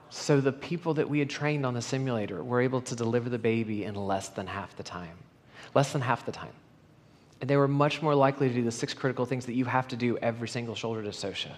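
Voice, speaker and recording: Man, middle-aged, quick storytelling keynote, acts out dialogue, reverberant conference hall. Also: mid-range voice. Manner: animated, acts out quoted dialogue. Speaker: conference speaker.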